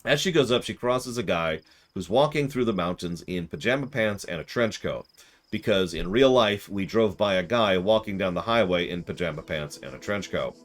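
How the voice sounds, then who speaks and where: A man casually retelling a game session in an animated, rambling way, often correcting himself. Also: low-pitched, moderate pace. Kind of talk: casual storytelling.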